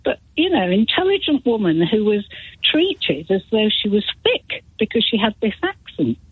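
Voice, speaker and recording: A woman's voice: mid-range voice, big pitch swings, moderate pace, breathy edge, no echo. A female caller, a former teacher, chatting emphatically on a phone-in. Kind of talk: phone-in chat. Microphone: telephone. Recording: tinny phone line.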